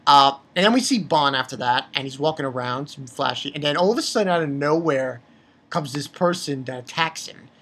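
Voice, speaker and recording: Woman w a husky low voice, ranting about manga, swears a lot, gets heated. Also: expressive, brisk, a bit bright. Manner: exasperated, profane, heated outbursts. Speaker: manga reviewer. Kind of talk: casual ranting review.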